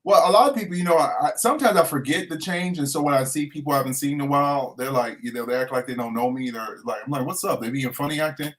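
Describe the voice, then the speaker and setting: Middle-aged guy coaching folks, earnest and preachy, a bit high voice. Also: quick pace, hardly any pauses, fairly bright tone. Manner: earnest, preacherly, repeats key phrases. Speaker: transformation coach, guest. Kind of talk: inspirational interview talk.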